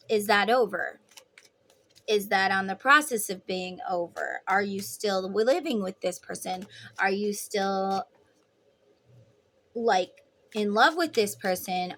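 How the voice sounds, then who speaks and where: A woman's voice: medium pitch, a bit bright. A woman giving a rambling, chatty tarot reading who acts out imagined lines for the people in it. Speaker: tarot reader. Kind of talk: casual tarot reading monologue.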